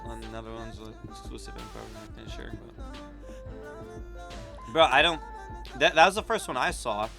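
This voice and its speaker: A man's voice: medium pitch, unhurried, vocal fry, pauses often, over music. A young American man streaming, chatting casually and reacting with loose slang, frequent swearing and laughs. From United States.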